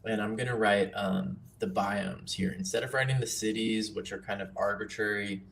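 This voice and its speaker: A man casually teaching nature journaling on a livestream, relaxed and chatty with self-deprecating asides. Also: lowish voice, moderate pace, creaky, slight background noise.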